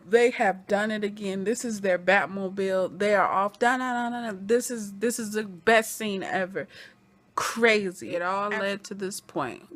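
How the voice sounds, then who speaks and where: A woman giving an animated recap of a TV episode, acting out the characters' lines in quoted voices as she goes. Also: mid-range voice. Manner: acts out scenes in quoted voices. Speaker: TV episode reviewer.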